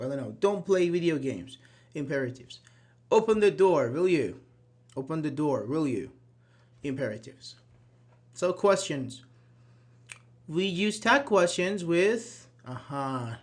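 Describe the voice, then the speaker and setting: Man teaching a grammar class. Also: on the high side. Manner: explains patiently, acts out example sentences, many "uh-huh"s. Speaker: English teacher.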